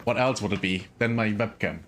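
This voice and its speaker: A man's voice: on the low side, a little fast, noisy background. A man streaming a video game in casual chat, muttering to himself and swearing a lot. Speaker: gaming streamer.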